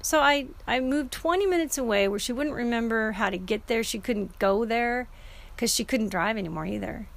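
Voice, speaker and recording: A woman's voice: fairly high pitch, normal speed, creaky. A middle-aged woman telling a personal story in a casual, earnest and emotional way, often restarting her sentences.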